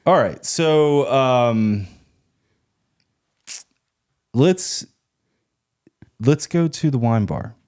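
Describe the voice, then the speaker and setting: A man's voice: mid-range voice, animated, extremely slow, long pauses, a little mellow, clear, resonant tone. A man hosting a podcast, bantering and joking casually with his guest. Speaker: podcast host. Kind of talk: casual chat. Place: podcast studio.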